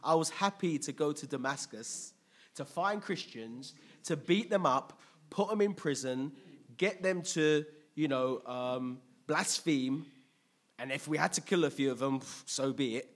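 A man preaching a sermon in a conversational, lively way, asking the congregation questions. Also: on the high side, measured pace.

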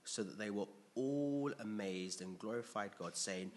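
A man's voice: on the low side, measured pace, slight background noise. A man preaching a sermon to a congregation, earnestly asking them questions, often restarting his sentences, and reading scripture aloud.

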